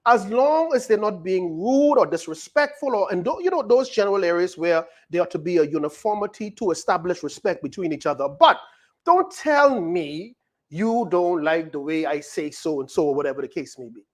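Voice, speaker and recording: Animated Bahamian pastor preaching. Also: male voice, high voice, moderate pace. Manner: animated, emphatic preaching with rhetorical questions. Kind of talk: sermon.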